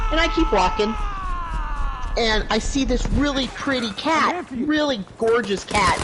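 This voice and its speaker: Animated, high-voiced male storyteller. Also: background noise. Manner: animated, profane anecdote-teller. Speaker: gaming livestreamer. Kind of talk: casual storytelling on a livestream.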